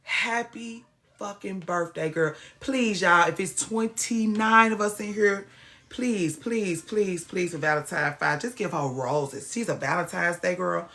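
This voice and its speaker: A woman's voice: lowish voice, unhurried, a bit bright. A woman hosting a casual livestream, ranting with plenty of swearing and greeting viewers by name. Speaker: livestream host.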